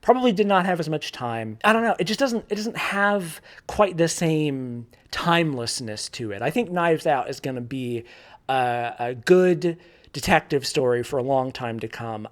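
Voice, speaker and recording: A man's voice: medium pitch, animated, moderate pace. A man giving a casual spoken film review, informal and candid, thinking aloud with frequent restarts and repeated words.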